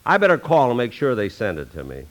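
A man's voice: mid-range voice, wildly swooping pitch, fast, background noise. A man with a dry, exasperated manner, playing the lead in a 1940s radio comedy. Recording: old radio broadcast with audience laughter.

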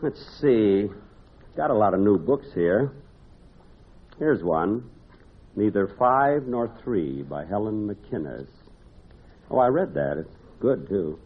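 A man hosting and narrating a 1950s radio comedy sketch with deadpan comic timing and wry asides. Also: lowish voice, takes it slowly, pauses often, breathy edge. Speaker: comedy show host and narrator. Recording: tinny noisy old radio broadcast.

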